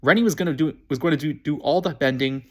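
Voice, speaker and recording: Man reading a children's book aloud; fast, slightly high, self-correcting. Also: darkish tone. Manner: quick, with frequent restarts. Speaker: reader.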